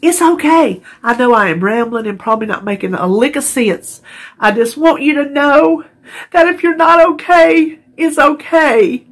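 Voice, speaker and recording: A woman's voice: high-pitched, expressive, normal speed. A middle-aged woman from North Carolina, talking tearfully and rambling in a heartfelt casual vlog, stumbling over words and laughing often. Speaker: vlogger.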